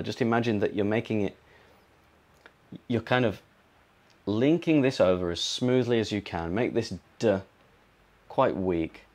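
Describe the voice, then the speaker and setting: Deep-voiced British man teaching pronunciation. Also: a little mellow. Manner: explains slowly, repeats and models words. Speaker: English teacher. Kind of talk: pronunciation lesson.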